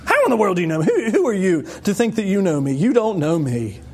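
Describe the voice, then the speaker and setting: A preacher voicing a blunt, gruff skeptical man in a sermon retelling. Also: sits high, very animated, fast talker, a little hiss or hum, pitched above the performer's own voice. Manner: blunt, scoffing.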